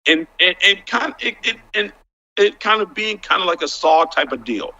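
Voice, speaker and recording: A man with a bright voice talks as a guest on a casual panel, halting, restarting and stacking up "like" as he works out his point. His sound comes through dull and lo-fi. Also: high voice, animated, creaky.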